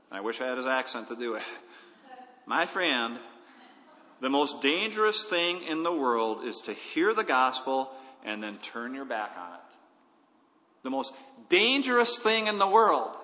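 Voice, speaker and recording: A man's voice: fairly high pitch, pushed and bright. A man preaching a sermon as a pastor, earnest and pleading with emphatic delivery. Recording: hall reverb.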